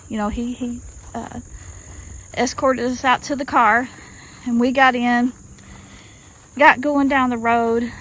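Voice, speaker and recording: A woman from Arkansas, with a slightly high, fairly bright voice, spins a folksy, drawling story for her viewers and calls them y'all. She recorded it outdoors in rural woods, and the rough audio carries faint outdoor noise along with crickets and insects.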